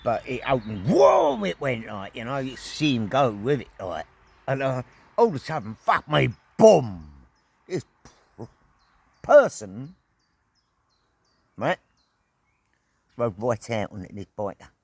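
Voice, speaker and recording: A middle-aged man vlogging outdoors at an evening camp, telling a story in a casual, animated way, full of slang, swearing and sound effects. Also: medium pitch, normal speed, pauses often, slightly rough, dry recording.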